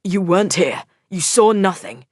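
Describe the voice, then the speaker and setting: A woman reading an audiobook, voicing a man who speaks quickly and pressingly. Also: medium pitch, lively intonation, darkish tone, no room sound, clean studio sound, natural voice. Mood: urgent. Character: urgent middle-aged man hustling someone away.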